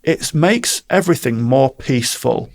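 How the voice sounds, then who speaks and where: A man's voice: medium pitch, unhurried. A man, a performance coach, telling stories with energy in a casual podcast interview and acting out quotes. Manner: animated storytelling, acts out quotes.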